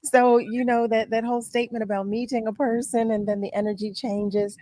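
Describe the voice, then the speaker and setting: A woman's voice: on the high side, little pitch movement, a little fast, mellow. A woman hosting a radio talk show, telling candid stories and laughing often in casual chat. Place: broadcast studio.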